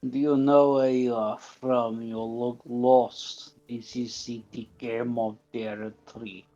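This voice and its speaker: A hushed, menacing mob thug with a thick put-on Russian accent, as a man does the voice during a game stream. He drags every word out slowly and quietly, and the stream audio sounds a little dull and muffled. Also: little pitch movement, lightly acted. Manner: slow, low, threatening delivery.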